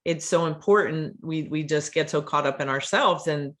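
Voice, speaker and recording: A podcast host in casual interview chat, chatty and animated, often restarting words mid-sentence. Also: medium pitch, normal speed.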